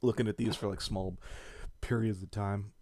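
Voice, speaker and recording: A man's voice: lowish voice, fairly even intonation, moderate pace, darkish tone. A man hosting a casual livestream chat, rambling and swearing a lot. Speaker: stream host.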